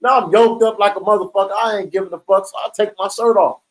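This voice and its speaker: A man's voice: high voice, fairly even intonation, fast, low-quality recording. A man telling a story in a casual, streetwise way, swearing freely and often checking in with "right?". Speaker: storyteller recounting prison life.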